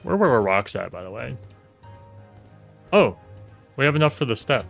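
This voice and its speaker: A man thinks out loud while streaming a video game, making wry, self-mocking jokes. His voice is gravelly with a rough fry, and it sits at an average pitch. Faint music plays underneath. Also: big pitch swings, moderate pace. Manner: wry, self-mocking asides muttered to himself. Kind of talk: casual gameplay commentary.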